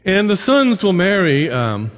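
A middle-aged man lecturing on the Bible and immigration keeps things chatty, folding anecdotes into his points and throwing rhetorical questions at the audience. His voice is slightly high for a man, a bit bright and sing-song, delivered at a measured pace. Every phrase is followed by a long hall reverb.

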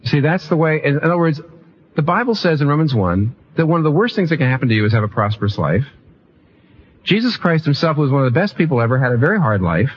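A man preaching a sermon with a lively pitch that swings widely, often repeating phrases and restarting mid-sentence. The recording is dull and lo-fi, with faint room ambience behind him. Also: fast, slight background noise. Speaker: pastor.

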